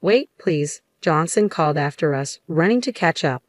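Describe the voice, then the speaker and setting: A woman narrating a story in an even, unhurried scripted delivery. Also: low voice, no echo.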